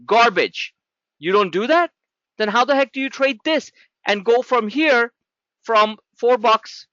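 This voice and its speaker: A man's voice: extremely high pitch, lively intonation, unhurried, sharp tone, no room sound, muffled recording. A man teaching a live trading class in a blunt, sarcastic, scolding way. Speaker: trading educator.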